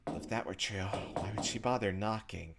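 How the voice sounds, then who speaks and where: Man, deep voice, casual let's play reader, noisy recording with clicks. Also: normal speed, gravelly. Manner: casual, offhand asides between read lines. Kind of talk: casual let's play, reading visual novel text aloud.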